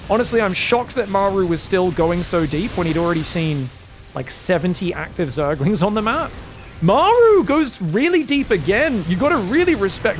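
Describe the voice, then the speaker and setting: Male esports caster, high voice, excitable and jokey, faint music underneath. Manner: excitable, jokey, rambling asides. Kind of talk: live game commentary.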